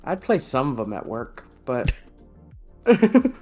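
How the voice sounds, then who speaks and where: A man's voice: medium pitch, huge pitch swings, slow pace, dark tone, soft background music. A young man co-hosting a podcast in casual chat, rambling, laughing often and swearing. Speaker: podcast co-host.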